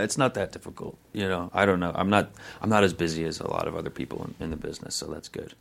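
A man in his twenties, a guest on a podcast, talking in a laid-back, soft-spoken way and laughing a lot. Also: low voice, fairly even intonation, fast talker, gravelly, hardly any pauses. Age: 20s. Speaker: guest, actor. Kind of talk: casual chat.

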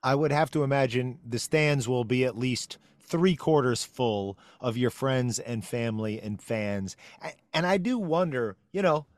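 Male co-host, mid-pitched, playful interviewer, dry close mic. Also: lively intonation, unhurried, dry recording. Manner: playful, long wind-up questions. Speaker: podcast co-host. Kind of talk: casual interview chat.

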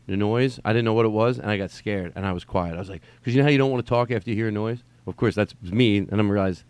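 A podcast host delivers a casual, rambling monologue in a fairly low, slightly mellow voice at a quick pace with no echo. He swears now and then and pauses to act out text messages in a sing-song voice.

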